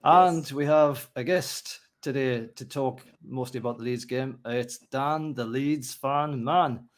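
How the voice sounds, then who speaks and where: Aussie male host, loose and profane banter, average-pitched voice. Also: a little slow. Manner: chatty, joking, profane, many fillers. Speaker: podcast host. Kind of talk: casual podcast chat.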